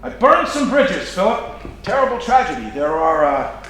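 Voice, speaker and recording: A man's voice: high-pitched, very animated, normal speed, bright, forceful tone, full character voice. A man playing a wry middle-aged gangster on stage. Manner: wry, lecturing and storytelling. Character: worldly middle-aged male Chicago gangster, fatherly. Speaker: stage actor. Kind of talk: live stage play. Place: theater stage. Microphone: distant room mic. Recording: roomy stage, distant mic, faint hiss.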